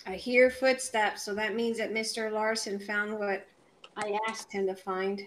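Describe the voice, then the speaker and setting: A woman's voice: medium pitch, level tone, measured pace, a little hiss or hum, low-quality recording. A chatty woman from Puerto Rico hosting a casual live craft video, rambling and greeting viewers by name. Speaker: craft channel host.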